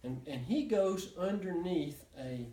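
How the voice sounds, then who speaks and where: A man's voice: high voice, lively intonation, unhurried, mellow. A man telling a story to a small group, rambling with many restarts and chuckles. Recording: echoey room, mic from far off.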